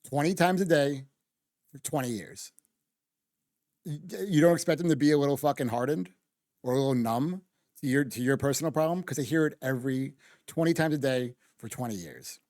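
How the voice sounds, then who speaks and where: A man in a casual stream, arguing his point in a heated, profane rant that keeps stopping and restarting itself. His voice sits at an ordinary middle pitch, and it is recorded close and dry with no room sound. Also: normal speed, a little mellow, no echo. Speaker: streamer reacting to a true-crime video. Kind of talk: casual ranting stream commentary.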